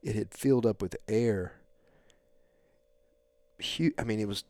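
A middle-aged man hosting a podcast, telling a long story in a rambling, animated way with lots of fillers. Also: on the low side, unhurried, dry recording. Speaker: podcast host. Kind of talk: casual storytelling chat.

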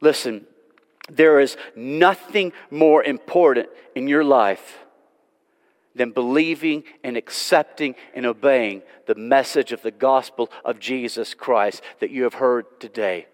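Man, preacher, earnest, pleading, loud to hushed swings, mid pitch, reverberant sanctuary. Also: measured pace. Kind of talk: sermon. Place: church sanctuary. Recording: long church reverb.

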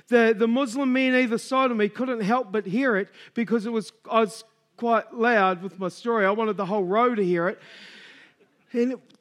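A middle-aged man preaching a sermon, telling a story and acting out the dialogue before building to loud exhortation. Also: high-pitched.

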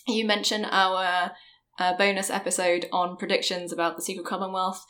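A woman's voice: lowish voice, flat delivery, normal speed, sharp tone. A woman co-hosting a book podcast, chatting casually as a guest, with many ums and restarts.

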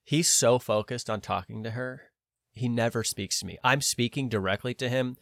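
Man, podcast host, animated storyteller, dry close sound, mid pitch. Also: normal speed, vocal fry, no echo. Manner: animated storyteller, quotes others in his own voice, swears. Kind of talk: casual storytelling chat.

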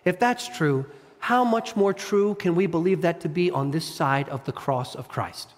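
A man preaching an expository sermon, reading scripture and retelling stories in an animated, emphatic, conversational way. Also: fairly high pitch, normal speed. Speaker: pastor. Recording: reverberant church hall.

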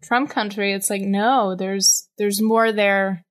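A young woman hosts a relaxed interview conversation. She talks in an earnest, reflective way and encourages her guest, in a mid-range everyday voice. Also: medium pitch, takes it slowly. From Western North Carolina, USA. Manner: thoughtful, earnest, warmly encouraging. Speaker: host. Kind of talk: casual interview chat.

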